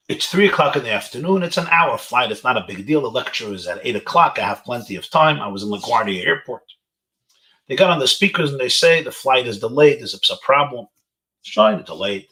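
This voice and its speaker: Teenagers on a webinar call hear a rabbi tell inspirational stories dotted with Hebrew and Yiddish phrases. He speaks in a mid-range voice that is bright and forceful.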